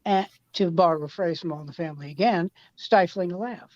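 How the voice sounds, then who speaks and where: A woman's voice: lowish voice, fairly quick, no echo, muffled recording. A woman comedian telling a showbiz anecdote in casual chat, acting out the people in it. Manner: animated anecdote telling with quoted voices.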